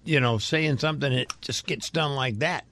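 A man's voice: mid-range voice, moderate pace, vocal fry, fairly bright tone, no room sound. A middle-aged man, a radio host, chatting casually and reminiscing with his co-host. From United States. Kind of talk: casual chat.

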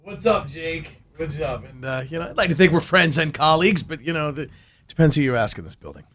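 A man's voice: fairly high pitch, animated, fast, a bit bright. A man who hosts a podcast, chatting as a guest on a radio show and telling a story with enthusiasm. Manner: enthusiastic storyteller, laughs often. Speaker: podcast host and reporter. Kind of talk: casual radio interview chat.

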